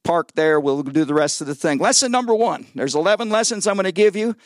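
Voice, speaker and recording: A man's voice: high-pitched, fast talker, no room sound, studio quality. A man preaching as a guest pastor in a church service. He jokes, stumbles over repeated words, and calls on the congregation to answer back. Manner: lively and joking, calls on the congregation for responses. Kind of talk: sermon.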